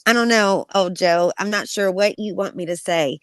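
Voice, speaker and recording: A woman's voice: mid-range voice, moderate pace, no echo. A woman co-hosting a casual live-stream panel, playful and teasing, often laughing.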